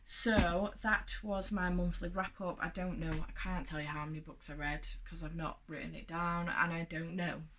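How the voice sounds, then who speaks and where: Her lowish, fairly bright voice keeps a steady tone at normal speed, with hardly any pauses, over a faint hiss or hum. This book vlogger chats casually and at length about what she read this month, rambling with lots of fillers and restarts.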